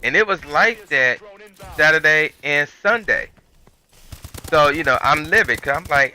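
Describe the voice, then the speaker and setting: A man's voice: a little high, animated, measured pace, long pauses, pushed and bright, dry recording. A man ranting in casual, colloquial commentary over gameplay, telling an exasperated story with lots of animation. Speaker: gaming channel host.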